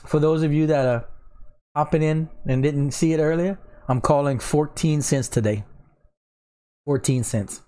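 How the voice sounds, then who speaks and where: A man's voice: on the high side, measured pace, dark tone. A man, hosting a casual crypto live stream, tired from lack of sleep, rambling and laughing. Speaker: crypto livestream host.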